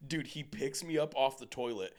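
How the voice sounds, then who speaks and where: An American man co-hosting a podcast, telling a childhood story in a casual, animated way with plenty of swearing. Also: medium pitch, moderate pace. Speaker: podcast co-host.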